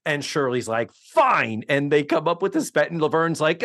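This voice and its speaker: A man's voice: medium pitch, normal speed, no room sound, studio quality. A man co-hosting a podcast, recapping a sitcom episode in casual chat and acting out the characters' lines. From Orlando. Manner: animated, acts out quoted lines. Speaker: podcast co-host.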